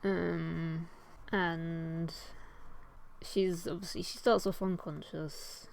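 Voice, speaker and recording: Young woman, casual drawing chat, rambling, swears a lot, slow pace. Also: on the low side, little pitch movement, gravelly, darkish tone, slight background noise. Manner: rambling, swears often, laughs at herself. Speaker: artist and vlogger.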